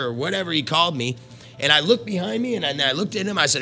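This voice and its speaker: This middle-aged man, once a carnival worker, has a slightly high, gravelly voice that sounds pushed and bright, and he talks fast and animated with faint music behind him. His casual storytelling is foul-mouthed and blunt, full of constant swearing, and it wanders and restarts.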